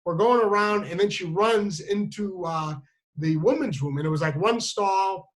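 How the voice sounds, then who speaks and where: A man telling a funny personal story, self-mocking and halting, with many restarts and fillers. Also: high-pitched, poor audio.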